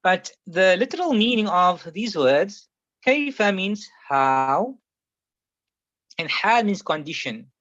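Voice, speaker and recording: A man's voice: sits high, very animated, a little slow, fairly bright tone, no room sound. A man teaching a classroom Arabic grammar lesson, patiently explaining and repeating each example several times. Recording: muffled, slightly lo-fi sound.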